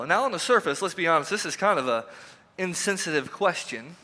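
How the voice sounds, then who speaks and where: A pastor giving a conversational, emphatic sermon, asking the congregation repeated questions, recorded in a church sanctuary. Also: male voice, fairly high pitch, animated, a little fast, sharp tone. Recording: reverberant church hall.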